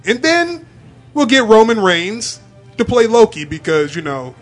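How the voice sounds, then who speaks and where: A man co-hosting a casual comedy chat, pitching a mock-serious idea playfully. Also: big pitch swings, a little slow, faint music behind.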